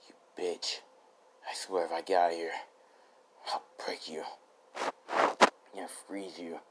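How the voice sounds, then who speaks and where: A man voicing a hushed, defiant young ice hero. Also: level tone, slow, noisy background. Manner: low, hushed, confused.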